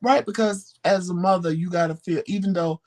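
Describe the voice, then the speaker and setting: A man co-hosting a podcast, telling stories in casual chat, animated and profane, acting out the voices of people he quotes. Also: sits high, a little fast. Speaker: podcast co-host.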